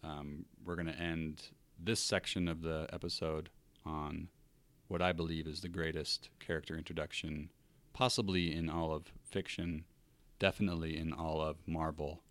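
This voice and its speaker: A man's voice: a bass voice, little pitch movement, moderate pace, fairly bright tone. A man co-hosting a podcast, chatting casually and enthusiastically about favorite characters. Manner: enthusiastic, hyping things up. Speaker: podcast co-host. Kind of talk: casual chat.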